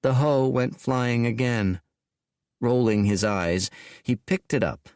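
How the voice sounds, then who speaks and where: Brief: measured male audiobook reader, deliberate pacing, dry studio sound. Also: mid-range voice, no echo. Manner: slow, deliberate, expressive reading. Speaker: audiobook narrator. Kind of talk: scripted audiobook narration.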